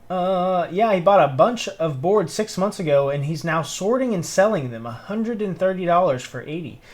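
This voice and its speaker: Man, Tennessee Southern accent, slightly high voice, laid-back livestream chatter, mutters while working. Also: expressive, measured pace. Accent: Southern American (Tennessee). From Tennessee, USA. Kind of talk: casual livestream chat.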